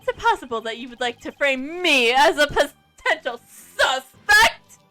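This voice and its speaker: A woman's voice: high-pitched, very animated, a little slow, sharp tone, faint music behind, pitched above the performer's own voice, full character voice. A woman voicing a flamboyant, vain male fashion designer who talks in a pompous, theatrical way. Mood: haughty. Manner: pompous, theatrical, self-admiring.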